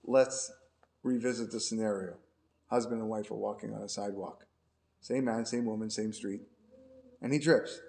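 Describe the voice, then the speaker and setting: A man's voice: on the low side, fairly even intonation, moderate pace, gravelly, pauses often, darkish tone. A man who is a rabbi, giving a conversational lecture class and often repeating his words as he explains. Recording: roomy echo.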